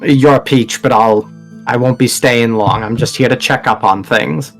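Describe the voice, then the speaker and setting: A man's voice: medium pitch, moderate pace, faint music behind, natural voice. A man voicing a stressed, tired woman in a tabletop game, drawling and weary. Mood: dismissive.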